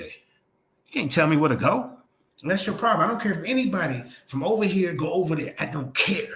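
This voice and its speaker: Bright, combative man ranting on stream. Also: on the high side. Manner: combative, profane, fast-talking trash talk. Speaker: streamer host. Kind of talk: heated livestream rant.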